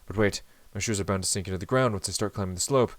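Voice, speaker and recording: A man's voice: on the low side, very fast, no echo, natural voice. A man reading aloud the inner monologue of a formal, flustered young male samurai from a visual novel. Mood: fretful.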